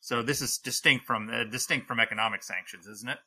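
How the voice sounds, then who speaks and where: A man's voice: mid-range voice, a little fast, sharp tone. A man hosting a panel discussion, asking pointed questions. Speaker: host.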